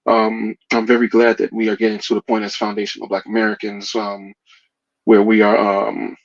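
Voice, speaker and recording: Low-voiced caller from New Jersey. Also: male voice, completely flat delivery, moderate pace. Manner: earnest, polite questions. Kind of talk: casual chat. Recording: dull call-in audio.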